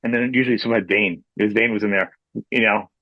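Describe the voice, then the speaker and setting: A man's voice: fairly low pitch, fairly even intonation, no room sound, muffled recording. A male podcast host talking enthusiastically and rambling through restarts while praising his guest's music. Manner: rapid, rambling, enthusiastic fan talk with many restarts. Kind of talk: casual interview.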